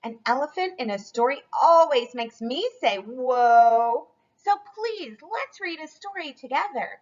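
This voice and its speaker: A woman voicing an excited little child chicken who pleads eagerly in a storybook read-aloud. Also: sits high, a little slow, dull audio.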